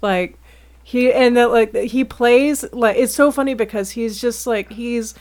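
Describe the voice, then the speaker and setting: A woman's voice: fairly high pitch, fairly even intonation, a little slow, darkish tone. A woman co-hosting a casual podcast, chatty and full of "like". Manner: chatty, fills with "like". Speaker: podcast co-host. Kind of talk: casual chat.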